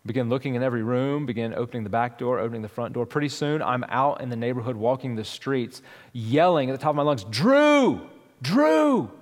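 Pastor preaching in a reverberant hall. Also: male voice, mid-range voice, steady tone, fast talker. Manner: conversational, storytelling with many restarts and fillers. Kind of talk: sermon.

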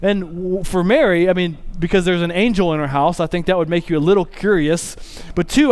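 High, clear-voiced pastor preaching. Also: male voice. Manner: conversational, restarts sentences, reads scripture more quietly. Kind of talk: sermon.

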